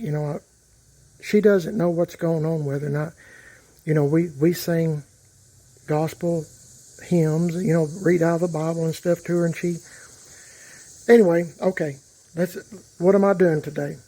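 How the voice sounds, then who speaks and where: Rambling middle-aged man, mellow voice. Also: fairly high pitch. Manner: rambling, lots of fillers and restarts. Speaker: YouTube vlogger. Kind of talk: casual talk to camera.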